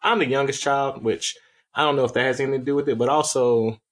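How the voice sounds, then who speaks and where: A young man co-hosting a podcast, talking candidly in a measured way with frequent restarts. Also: mid-range voice, fairly even intonation, a bit bright. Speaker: podcast co-host. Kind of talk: casual chat.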